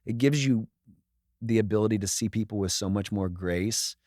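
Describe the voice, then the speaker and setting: A man's voice: lowish voice, moderate pace, a little mellow, dry recording, clean studio sound. A man talking as a podcast guest, candid and earnest, with frequent restarts and casual swearing. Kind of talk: casual chat.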